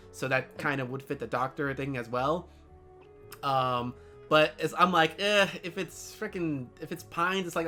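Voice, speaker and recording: A man hosting a casual chat, excitable and rambling, joking as he goes. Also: mid-range voice. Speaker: host.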